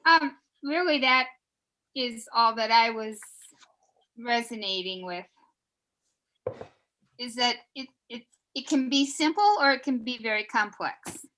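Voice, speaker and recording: Slow, hesitant woman guest on a video call. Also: a little high, lively intonation, pushed and bright, rough recording. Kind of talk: casual chat.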